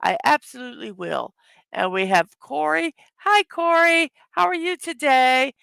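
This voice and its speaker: A tired, hoarse woman hosting a casual morning livestream, greeting her chat viewers one by one. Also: high-pitched, animated, measured pace, a bit bright, no room sound. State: tired from little sleep. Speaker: livestream host.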